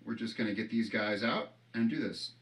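A man's voice: fairly low pitch, fairly quick, fairly bright tone, distant mic. A man hosting a casual how-to vlog, rambling and joking as he works and swearing now and then. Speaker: channel host.

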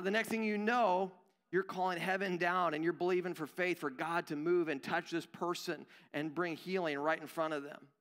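A young man preaching in a church sanctuary, his tone high and bright. He talks casually and pokes fun at himself, and his voice rings with long hall reverb. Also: clean tone. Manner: conversational, self-deprecating, acts out quoted voices. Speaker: pastor. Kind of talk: sermon.

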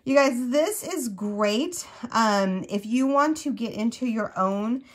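A woman hosting a crochet unboxing vlog in casual chat, gushing and excitable, often breaking off mid-sentence. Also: on the high side, takes it slowly. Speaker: crochet channel host.

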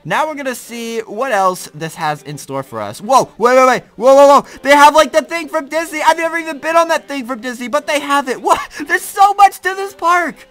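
A young man giving excitable, slangy let's-play commentary, laughing and reacting loudly as he plays. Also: extremely high pitch, fairly quick, few pauses. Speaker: gaming YouTuber.

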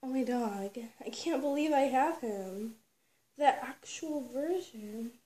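A woman chatting excitedly while unboxing a toy haul, gushing and squealing, then dropping to hushed whispers. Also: sits high, takes it slowly, slight background noise. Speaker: toy collector vlogger.

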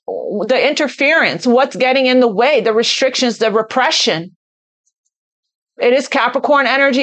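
A woman's voice: high voice, a bit bright. A woman giving an unscripted tarot reading, talking earnestly as if relaying intuitive messages and repeating phrases for emphasis. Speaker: tarot reader. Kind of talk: spontaneous tarot card reading.

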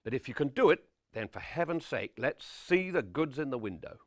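A man playing a vain, pompous middle-aged character actor, lecturing on his craft in a deadpan, self-regarding way. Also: medium pitch, normal speed, soft background music, lightly acted. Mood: self-important. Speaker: actor giving acting advice. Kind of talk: deadpan spoof documentary address.

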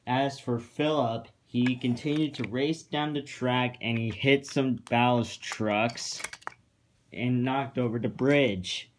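A man narrating a homemade storybook tale about train engines in a plain, even manner. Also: mid-range voice, takes it slowly, slight background noise.

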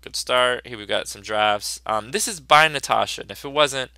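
A man's voice: medium pitch, normal speed, creaky, bright, forceful tone, no echo. A man teacher giving a casual, upbeat review of his students' work, chatty and full of fillers.

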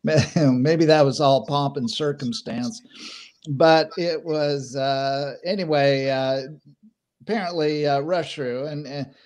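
A man weighs in on a casual podcast panel with a voice a little higher than average. He speaks haltingly, with many fillers and restarts, and he lets dry sarcasm slip in. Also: steady tone, darkish tone.

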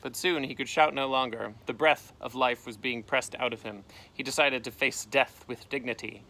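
A man, a teacher, reading a storybook aloud outdoors, with lively voices for the characters and a gentle sign-off. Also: medium pitch, normal speed, creaky, slight background noise. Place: outdoors in a canoe.

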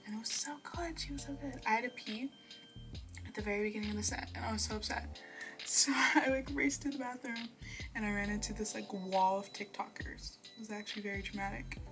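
A young woman vlogging casually as she does her hair at home at night, rambling and sometimes dropping to a whisper. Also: a little high. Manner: chatty, rambling, drops into whispers. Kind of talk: casual chat. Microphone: phone or built-in mic. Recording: music in the background.

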